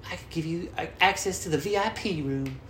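A man's voice: a little high, a little fast, fairly bright tone, roomy sound, slight background noise, pitched above the performer's own voice, close to an everyday voice. A man doing a sly venue hustler. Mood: coaxing. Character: sly male venue worker selling bathroom access.

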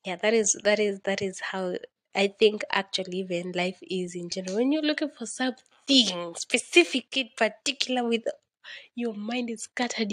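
A young woman with a Kenyan accent talks through a loose solo podcast at a middling pitch. She rambles, plays things up dramatically and laughs often. Her voice sounds dry and close, with almost no room around it. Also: steady tone, normal speed, dry recording. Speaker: podcast host. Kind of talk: casual solo podcast monologue.

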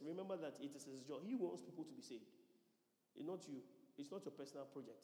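A man's voice: fairly high pitch, warm tone. Preacher man in an echoey hall. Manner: repeats lines for emphasis and calls out to the congregation. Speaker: pastor. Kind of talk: sermon. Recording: echoey church hall reverb.

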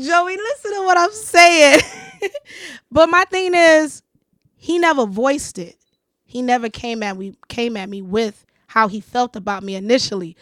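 A woman's voice: high-pitched, fairly bright tone, no echo, clean studio sound. A woman hosting a casual conversation, talking emphatically and repeating phrases for stress. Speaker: podcast host.

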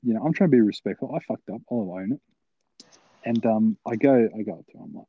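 A young man co-hosting a podcast, telling stories with crude humour and frequent laughter. His voice sits fairly low. It is recorded dry, with a slightly dull, lo-fi sound. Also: fast, husky, no echo. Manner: laughing, crude, animated storyteller. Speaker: podcast co-host. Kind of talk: casual podcast chat, storytelling.

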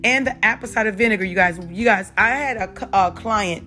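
A woman's voice: medium pitch, brisk, pushed and bright, faint music behind. Chatty Southern woman talking health. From South Carolina. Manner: chatty, repeats "you guys" and "y'all", many fillers. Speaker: holistic health talk host. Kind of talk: unedited casual health and faith talk.

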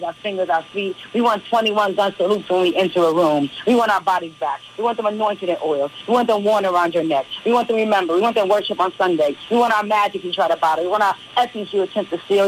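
A woman poet delivers spoken word with a rhythmic, emphatic pulse and builds repeated refrains. She moves into relaxed, chatty talk for a radio interview, with faint music underneath. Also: mid-range voice, poor audio. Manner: relaxed and chatty between poems.

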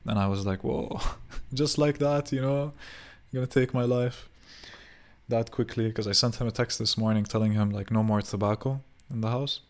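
A young man with a low-pitched voice rambles through a casual rant. He swears freely and leans on fillers as he vents. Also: steady tone, a little fast. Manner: profane, rambling, fillers, mimics roommate. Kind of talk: casual venting monologue.

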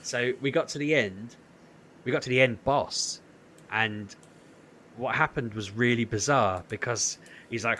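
A man co-hosting a podcast spins a long, casual story, animatedly acting out the voices in its many quotes. His voice is mid-range and brisk, with slight background noise.

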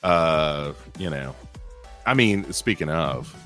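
A man co-hosting a podcast, talking over a film in halting, casual speech with sudden rises when making a point. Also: rumbling low, animated, fairly bright tone, faint music behind. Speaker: podcast co-host. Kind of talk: casual movie review chat.

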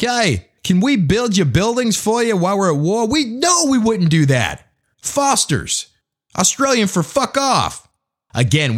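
An American man hosting a podcast, delivering a profane, conversational opinion rant. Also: on the low side. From United States. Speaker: podcast host. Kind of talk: opinion monologue.

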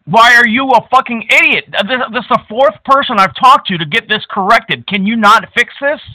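A man making a prank phone call, crude, abusive and mocking, at times bursting into shouts. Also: extremely high pitch, fairly quick, no echo. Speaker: prank caller.

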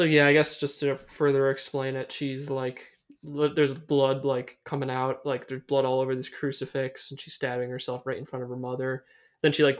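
A young man casually recapping a horror film on a podcast, rambling and swearing, with lots of fillers. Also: mid-range voice. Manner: loose and rambling, swears a lot, many fillers. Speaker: podcast host. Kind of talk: casual movie recap chat.

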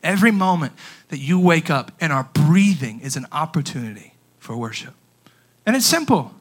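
A young man preaching a sermon as a youth pastor, animated, swinging between quiet and loud with emphatic pauses. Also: a little high.

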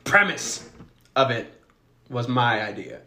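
A man's voice: medium pitch, sing-song, slow pace, sharp tone, echoey room. A man hosting a podcast, chatting casually, joking, swearing and laughing often. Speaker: podcast host. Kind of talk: casual chat.

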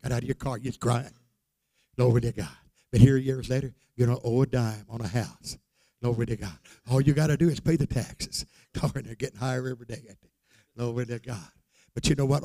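An older man preaching a fervent sermon, repeating praises and building to shouted, sung-out phrases. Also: medium pitch, brisk, creaky. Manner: fervent, repeats "glory to God" and "hallelujah".

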